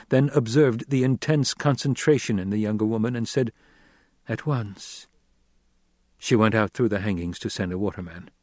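A man narrating an audiobook in a measured storytelling voice on a close mic. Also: lowish voice, a little mellow, dry recording. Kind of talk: scripted narration.

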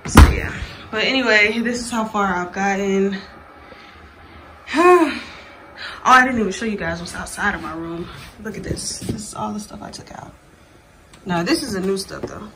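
A woman's voice: medium pitch, fairly bright tone, a little hiss or hum. A young woman vlogging casually from her bedroom, talking straight to her viewers in a slangy, chatty way. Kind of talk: casual chat to camera.

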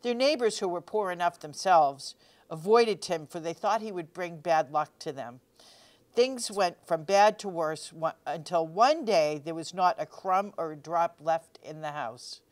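A woman reading a picture book aloud for children's storytime, gently expressive and pausing to ask the listeners questions. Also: lowish voice. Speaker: storytime reader.

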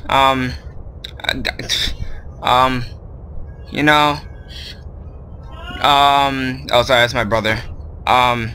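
A man's voice: medium pitch, little pitch movement, very slow, long pauses, bright, forceful tone, a little hiss or hum. A man hosting a horror game video, nervous and rambling, filling gaps with lots of ums. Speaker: gaming video host. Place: at home with his brother nearby.

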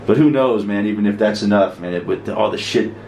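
Sick with the flu and a sore throat, a middle-aged vlogger rambles and grumbles to camera in a profane, casual monologue. His low, darkish voice moves briskly, and the cold room with frozen windows gives a roomy echo and faint noise.

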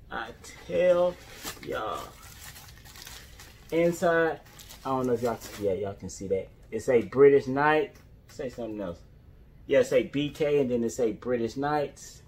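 A young man in a casual vlog, reviewing sneakers for his viewers and bursting into whoops and drawn-out stresses. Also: mid-range voice, a little mellow, slight background noise.

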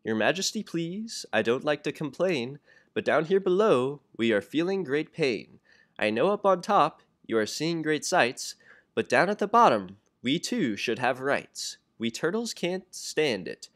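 A man's voice: fairly high pitch, very animated, a little slow, fairly bright tone. A young man voicing a plain, meek little male turtle who pleads and groans in a storybook reading. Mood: pleading. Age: young adult.

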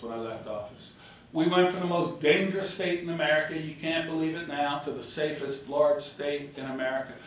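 A man's voice: fairly high pitch, a little hiss or hum. An older man, a former governor, giving a political speech full of anecdotes and acted-out quotes. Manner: storytelling, animated, acts out quotes. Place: hotel ballroom reception. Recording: echoey ballroom from far off.

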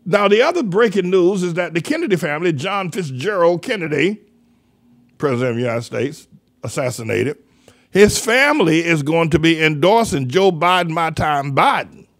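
A man's voice: on the high side, animated, moderate pace, a bit bright. An older man hosting a talk show, delivering rambling, mocking political commentary that trails off and restarts mid-sentence. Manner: mocking, sardonic. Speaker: radio show host.

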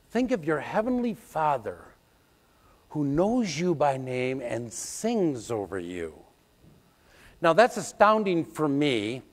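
Older preacher in a reverberant hall. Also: male voice, a little high. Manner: storytelling, animated, bursts into loud sung song snippets. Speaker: pastor. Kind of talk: sermon. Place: church sanctuary. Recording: long church hall reverb.

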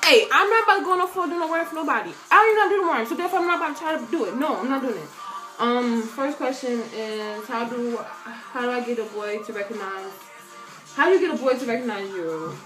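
A woman's voice: expressive, fast talker, soft background music. A teenage girl vlogging from her bedroom and answering fan questions in a chatty, joking way. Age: teens. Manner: chatty, joking, dramatic swings in loudness and pitch. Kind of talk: casual Q&A vlog talk. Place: bedroom at home.

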